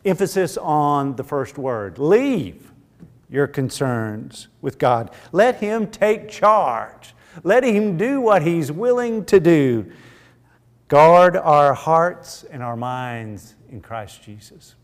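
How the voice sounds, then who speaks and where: A man's voice: a little high, expressive, long reverb tail. A man teaching an evening church Bible class in an earnest, emphatic way. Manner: earnest, emphatic, slow and deliberate.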